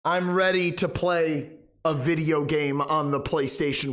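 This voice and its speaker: A man's voice: a little high, little pitch movement, measured pace, fairly bright tone. A young man live-streaming a game with comedic, overdramatic mock panic.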